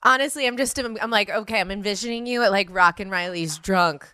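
A woman's voice: mid-range voice, fairly quick, bright, forceful tone, dry recording, studio quality. A woman in her thirties hosting a podcast, blunt and teasing, swearing freely in casual chat. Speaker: podcast host.

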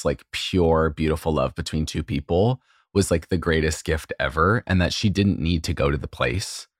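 A man with a strikingly deep, low voice co-hosts a relaxed podcast chat, telling stories in a gushing, emotional way full of "like" and other fillers. The recording is dry and close, with no room sound at all.

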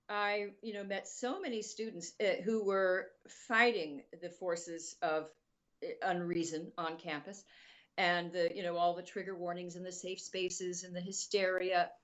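A woman's voice: on the low side, steady tone, measured pace. A woman guest on a talk show, speaking earnestly with frequent restarts and a wry laugh. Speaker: interview guest.

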